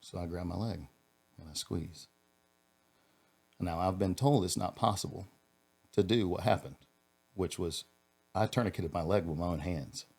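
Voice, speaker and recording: A man with a very low, deep voice, a former police officer who is a guest on a podcast. He tells a personal story earnestly, stumbling and restarting his phrases. In the heavy moments his voice sinks lower and softer. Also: vocal fry. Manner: earnest, halting, with frequent restarts.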